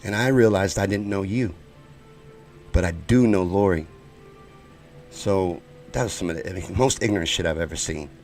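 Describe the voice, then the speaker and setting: A man from the United States hosting a live-stream rant show, heated and profane, swinging between loud outbursts and low muttering. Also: moderate pace, long pauses, faint music behind. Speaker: show host.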